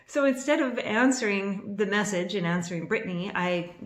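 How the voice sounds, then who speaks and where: Excitable rambling woman in her fifties. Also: medium pitch, moderate pace. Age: 50s. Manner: excitable and rambling, with restarts and laughter; a little nervous on camera. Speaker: vlogger. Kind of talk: casual storytelling to camera. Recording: echoey room.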